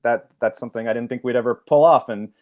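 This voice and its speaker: A man's voice: medium pitch, fast, a little mellow. A man hosting a podcast interview, thanking his guest and laughing along. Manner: appreciative, laughs often. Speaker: podcast host.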